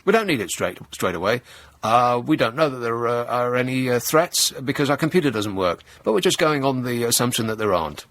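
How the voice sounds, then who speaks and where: A flustered, evasive government spokesman fumbles through his excuses with plenty of hesitations, as a radio host sends him up. The voice stays close to an everyday middle pitch and is recorded dry in a studio. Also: lively intonation, a little fast, fairly bright tone, no room sound. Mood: bumbling. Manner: hesitant, bumbling.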